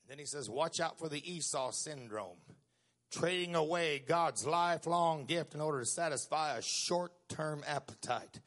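Emphatic preacher man, high and bright. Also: expressive, moderate pace. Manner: swings from quiet storytelling to loud emphatic preaching, stretching key words. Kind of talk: sermon.

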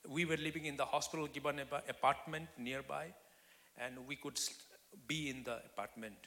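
Man preaching with hushed-to-loud swings. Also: mid-range voice, steady tone, moderate pace. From Nepal. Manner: dramatic swings from loud to whispered. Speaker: guest speaker. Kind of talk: testimony sermon. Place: church hall. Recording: long reverb of a church hall.

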